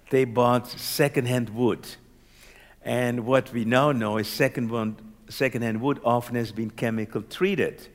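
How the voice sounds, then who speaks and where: A man from Curaçao recounts a personal story in an animated way, breaking into laughter and checking that his listener is following. His voice is mid-pitched and carries a long, reverberant tail from the room. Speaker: doctor.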